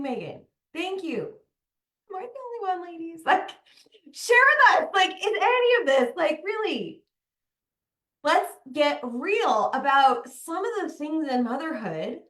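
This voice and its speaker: A woman's voice: high-pitched, pushed and bright. A young woman talking candidly to other mothers in a motivational talk, chatty and emphatic, often saying "like". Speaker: mom coach, podcast host. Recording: echoey room.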